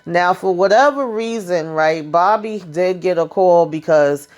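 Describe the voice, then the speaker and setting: A woman's voice: lowish voice, measured pace, darkish tone. A woman casually recapping a TV episode in a chatty, sassy way, full of asides and quoted lines. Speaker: TV show recap vlogger.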